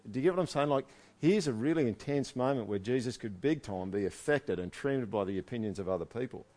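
A male pastor preaching to a congregation in a casual, conversational way. He reads a passage aloud, then jumps into animated asides that rise loud and high before he drops back to a quiet, low reading voice. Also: brisk. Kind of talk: sermon reading and commenting on scripture.

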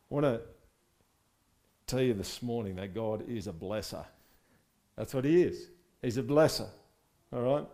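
Male pastor, lively sermon, questions the congregation throughout. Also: lowish voice. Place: church service.

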